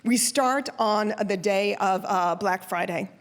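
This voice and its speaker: A woman telling a personal story on stage in a lively, chatty, expressive way. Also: mid-range voice, takes it slowly.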